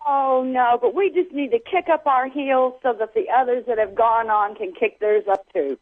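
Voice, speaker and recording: A woman calling into a radio show, answering warmly and agreeably in short replies. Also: fairly high pitch, normal speed, no room sound. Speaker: caller. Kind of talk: call-in radio chat. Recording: tinny phone line.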